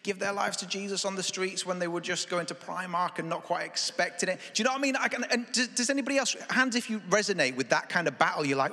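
A young man preaching a conversational sermon, animated and chatty, often asking the congregation questions. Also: sits high, quick pace, few pauses. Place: church hall. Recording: reverberant hall.

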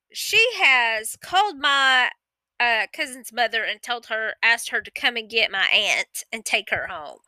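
A woman's voice: a little high, sharp tone, smooth, no echo, low-quality recording. A woman telling a true personal story in a casual, rambling way, often stopping to correct herself and swearing freely.

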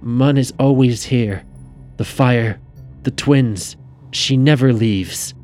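A man's voice: mid-range voice, slow, pitched above the performer's own voice, lightly acted. A man voicing a distressed woman who mumbles fearful fragments, with faint music behind. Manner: rambling, frightened, breaking into shouts.

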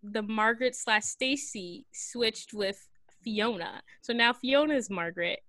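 A woman casually recapping a film plot in a chatty, rambling way, full of fillers and quick giggles. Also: fairly high pitch, pushed and bright, no echo. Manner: rambling, giggly retelling with many fillers and acted quotes. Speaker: podcast co-host recapping a film. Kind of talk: casual chat.

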